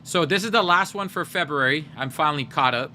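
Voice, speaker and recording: A young man hosting a livestream, chatting casually and teasing his viewers in a joking, animated way. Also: a little high, a little fast, slight background noise. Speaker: livestream host.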